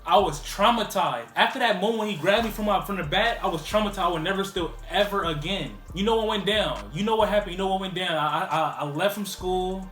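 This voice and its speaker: A man with a high voice rattles through a casual storytime, words tumbling out quickly with "like" dropped into nearly every phrase. His voice bounces around an echoey room, with faint music playing underneath. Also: a bit bright. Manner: rambling, heavy use of "like" fillers. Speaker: vlogger.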